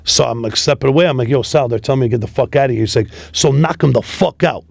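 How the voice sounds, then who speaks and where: A man, a tow business founder telling profane, animated stories in a casual interview. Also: medium pitch, fast, vocal fry, no echo, studio quality. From New York City. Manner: profane, animated street storytelling.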